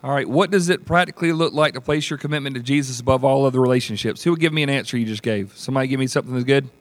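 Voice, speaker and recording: A man, leading a Bible study as pastor in a folksy, animated teaching style and acting out voices. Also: medium pitch, racing, no echo. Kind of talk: teaching sermon with group discussion.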